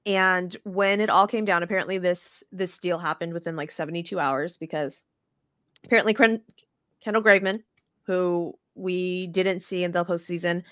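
A lower-voiced woman co-hosting a sports podcast, talking in a lively, swearing, self-interrupting way. The sound is dry and close, with no room around her voice. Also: clear, resonant tone, no echo. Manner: animated, profane storytelling with fast restarts. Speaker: podcast co-host. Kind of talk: casual sports chat.

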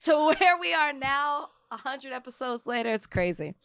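A woman co-hosting a podcast in casual chat, excited and close to tears. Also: high voice, normal speed, no room sound. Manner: excited, near tears, laughing. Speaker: podcast co-host.

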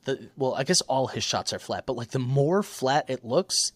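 A man's voice: medium pitch, expressive, normal speed, no room sound. A young man co-hosting a podcast, talking in a casual, rambling way full of fillers and laughs. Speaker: podcast co-host. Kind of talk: casual chat.

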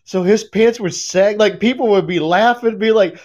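A man's voice: sits high, moderate pace, darkish tone. A man chatting casually, telling funny stories and laughing along. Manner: laughing, storytelling. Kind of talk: casual chat. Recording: dull lo-fi audio.

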